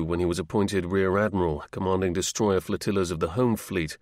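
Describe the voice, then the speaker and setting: Gravelly low-voiced man narrating. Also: darkish tone, no room sound, clean studio sound. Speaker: audiobook narrator. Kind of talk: scripted narration.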